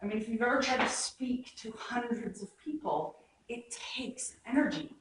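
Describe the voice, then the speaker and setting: In an echoey rehearsal room, far from the mic and with slight background noise, a woman runs an acting workshop. Her somewhat high, expressive voice moves at a moderate pace as she chattily explains Shakespeare's verse and acts out lines as examples.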